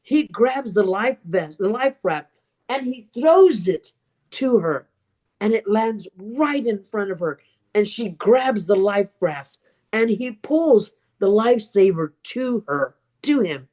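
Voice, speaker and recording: Her medium-pitched voice is expressive and dark as she gives a speech at a public speaking club recounting a dramatic episode from her life. She voices other people's lines, pauses deliberately, and repeats words to drive her points home.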